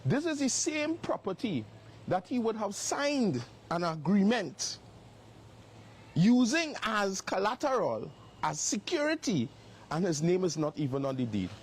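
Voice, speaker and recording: A man with a high-pitched, sing-song, slightly rough voice, speaking a little slowly, hosts a livestream exposé from his phone outdoors beside a property. He makes emphatic accusations again and again.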